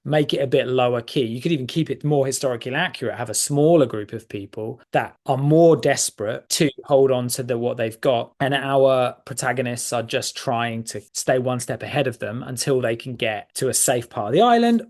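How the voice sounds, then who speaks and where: A man's voice: medium pitch, fairly quick, hardly any pauses, darkish tone. A man co-hosting a podcast, chatting casually about a film in a rambling way, with restarts and frequent laughs. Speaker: podcast co-host. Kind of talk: casual film-review chat.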